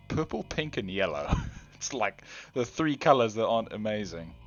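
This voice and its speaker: A man's voice: lowish voice, big pitch swings, normal speed, highs cut off, faint music behind. A man hosting his gaming channel, rambling in casual gameplay commentary, self-deprecating and talking straight to the viewer.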